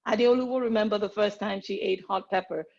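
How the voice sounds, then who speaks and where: A woman's voice: medium pitch, steady tone, quick pace, vocal fry, darkish tone, muffled recording. A woman from Nigeria, a medical practitioner, speaking earnestly and animatedly as a panelist on a video call.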